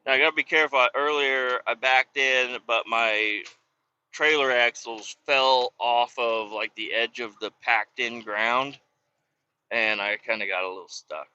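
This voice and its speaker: Man, truck driver, casual profane storytelling, very bright sharp voice, dull lo-fi sound, inside a truck cab. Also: mid-range voice, fairly even intonation, measured pace, clear, resonant tone.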